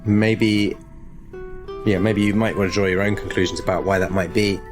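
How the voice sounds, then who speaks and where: A man running a tabletop horror game as game master, narrating in a measured, descriptive way. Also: on the low side, little pitch movement. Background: music.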